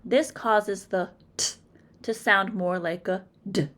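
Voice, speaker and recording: A woman teacher with a Massachusetts accent, taking a phonics lesson at an unhurried pace. She is deliberate and clear, over-articulating each example word and pausing after it. Her voice sits in a middle pitch. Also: fairly even intonation, fairly bright tone, a little hiss or hum.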